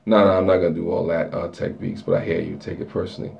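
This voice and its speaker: A man with a very low, gravelly voice hosts a casual live stream. He rambles loosely, jokes and answers his viewers' comments one by one. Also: level tone, fast, muffled recording. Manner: loose, rambling and joking, reading chat aloud. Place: dark bathroom lit by a flashlight.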